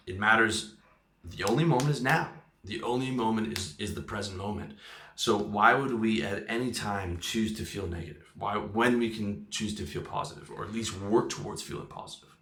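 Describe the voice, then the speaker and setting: Male sales coach, lowish bright voice, emphatic, keeps asking "okay?", echoey room. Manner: emphatic, repeats "okay?" and "right?" to press points. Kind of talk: motivational monologue.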